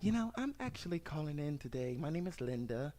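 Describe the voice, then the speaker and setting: A man's voice: fairly high pitch, very animated, fairly quick, mellow. A man voicing a frazzled middle-aged woman customer who whines about her bill and breaks into sobbing and wailing. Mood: fretful.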